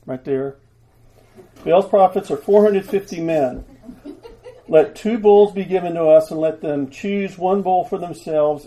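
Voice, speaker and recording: A man's voice: fairly high pitch, muffled recording. A man preaching who reads scripture aloud and jokes as he directs volunteers acting it out. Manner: jovial, directing volunteers with asides. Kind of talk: sermon reading scripture aloud.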